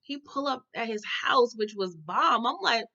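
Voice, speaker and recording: A woman recapping a TV episode in an animated, slangy way, talking straight to her viewers. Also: on the high side, unhurried, muffled recording. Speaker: TV recap host.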